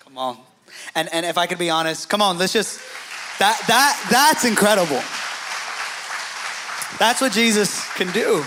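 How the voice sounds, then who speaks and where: A pastor with a slightly higher male voice hosts a relaxed talk with a guest. He speaks emphatically and keeps the conversation moving. The delivery is casual and conversational. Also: unhurried, pauses often, crowd noise, background noise. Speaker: pastor, host.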